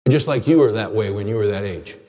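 A middle-aged man preaching a sermon as a pastor, telling stories earnestly and dropping to a hushed tone at times. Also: on the low side, quick pace, in a large hall. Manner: earnest storytelling, drops to a hushed tone.

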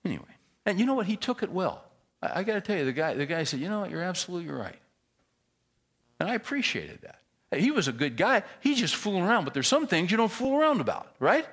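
Male pastor, sermon delivery, lively pitch, punchy emphasis dropping to low asides. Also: fast, breathy edge. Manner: animated storyteller, swings from loud emphasis to quiet asides.

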